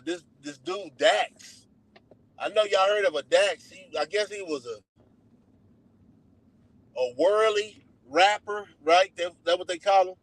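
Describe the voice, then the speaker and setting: A man's voice: fairly high pitch, a bit bright, dry recording, poor audio. A Texan man livestreaming from his car at a donut shop drive-thru, talking loosely and slangily as he drifts between topics. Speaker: livestream host. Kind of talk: casual rambling livestream chat.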